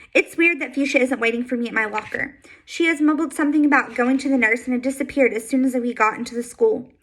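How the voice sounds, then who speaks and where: Woman, high voice, novel read aloud, first person, soft, steady. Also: low-quality recording. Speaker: audiobook reader.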